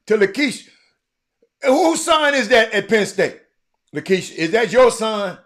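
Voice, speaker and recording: Man, live-stream host, high voice, swoops all over, teases chat by name. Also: unhurried. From Texas. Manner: animated, teasing viewers by name, often shouting. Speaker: livestream host talking sports.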